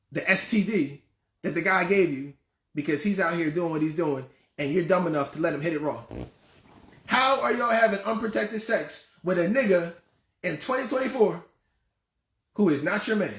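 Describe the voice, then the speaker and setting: A man's voice: sits high, fairly bright tone, echoey room. A man hosting his own show, giving relationship advice in a blunt, scolding and mocking way, often laughing at his own points. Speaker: host and life coach.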